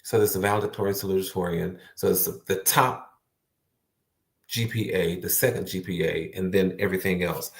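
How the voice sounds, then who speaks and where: A man's voice: low-pitched, fairly even intonation, a little fast, gravelly. A man giving an earnest, emphatic motivational talk to the viewer, repeating words for stress. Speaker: motivational speaker. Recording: roomy echo.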